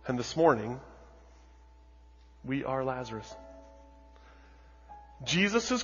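A man preaching a sermon as a pastor, telling the story dramatically with lots of repetition and moving between hushed and loud delivery. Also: medium pitch, fairly even intonation, a little slow, pauses often, slightly rough, faint music behind. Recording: dull audio with long hall reverb.

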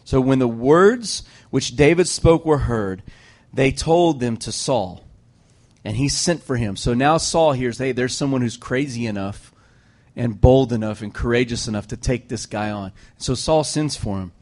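Man preaching a lively sermon. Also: medium pitch, a little slow. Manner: lively storytelling with joking asides to the congregation. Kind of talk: sermon retelling a scripture story.

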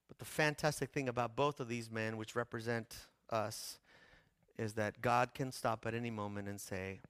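Guy preaching a sermon, gets quiet then loud, repeats himself for effect, dry close sound. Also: medium pitch, fairly even intonation, normal speed, clean tone, dry recording. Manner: impassioned, swinging from hushed to loud; repetitive preaching cadence. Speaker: pastor.

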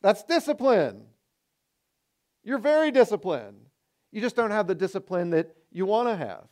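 A man delivers a sermon from the pulpit. His voice sits notably high for a man, and he is animated, acting out the excuses of his listeners in shifting tones to drive home his points. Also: normal speed. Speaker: pastor.

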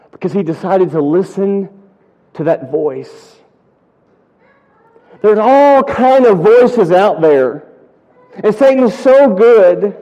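A pastor preaching a sermon, telling stories and building to emphatic peaks. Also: male voice, sits high, dark tone. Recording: muffled audio with long hall reverb.

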